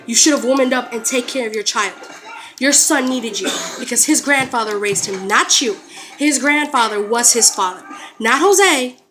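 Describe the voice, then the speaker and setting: A woman's voice: on the high side, moderate pace. A young woman angrily confronting her in-laws, cursing and sarcastically quoting them. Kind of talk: angry confrontational rant to family.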